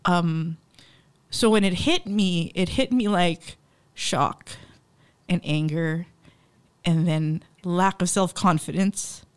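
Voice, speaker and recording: A woman's voice: lowish voice, slow, long pauses, smooth. A woman co-hosting a podcast, telling a painful personal story with raw emotion, frequent swearing and laughs through tears. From Philippines. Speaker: podcast co-host.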